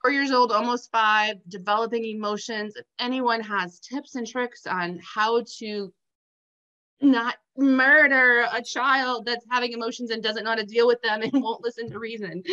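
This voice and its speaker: A woman's voice: fairly high pitch, moderate pace, muffled recording. A woman from Minnesota, a business founder and mother, talking candidly and animatedly in a video call interview. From Minnesota, USA. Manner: candid, animated, laughs easily. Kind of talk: casual interview chat.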